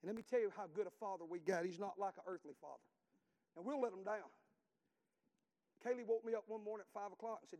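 A man's voice: high-pitched, fast, long pauses, darkish tone, big-room sound. A middle-aged man preaching a sermon in a fervent, folksy cadence and reading scripture in old-style phrasing.

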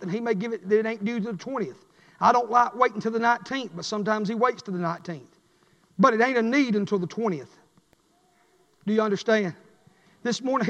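A man preaching a fiery sermon, chanting and swinging between shouted lines and a low drawl. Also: dull audio. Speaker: pastor. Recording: echoey church hall.

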